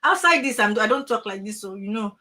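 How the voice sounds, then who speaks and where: A middle-aged woman giving an animated motivational talk to parents over a video call, full of emphatic rhetorical questions. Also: mid-range voice, brisk. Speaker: transformational coach.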